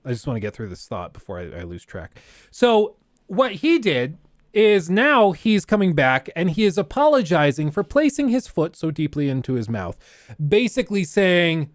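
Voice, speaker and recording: A livestream host ranting bluntly in casual commentary, his voice leaping up and down with animation. He sits a little high for a man. The sound is dry and close, with no room echo.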